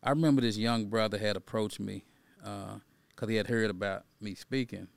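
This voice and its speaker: Gravelly-voiced man telling his story. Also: on the low side, fairly even intonation, moderate pace, no room sound. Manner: conversational, tags lines with "right?" and "you know"; builds to emphatic preaching tone. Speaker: podcast guest, activist and educator. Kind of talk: personal storytelling in conversation.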